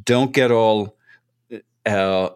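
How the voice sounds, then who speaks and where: A man's voice: fairly low pitch, extremely slow, smooth. A man co-hosting a casual football podcast, talking in long rambling turns, joking at himself and swearing now and then. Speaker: podcast co-host.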